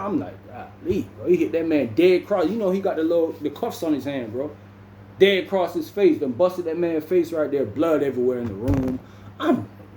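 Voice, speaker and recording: A young vlogger tells a story in a laid-back way, saying "bro" constantly and acting out other people's lines. His voice is a little high, animated, mellow, and slightly fast, recorded in an echoey room with slight background noise.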